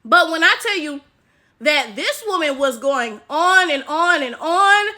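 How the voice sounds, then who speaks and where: An American woman talks straight to her viewers in a casual commentary vlog, with a high, bright, sharp-edged voice. She is animated and keeps checking in with a quick "right?" as she makes each point. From United States. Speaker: commentary vlogger. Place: at home at her laptop.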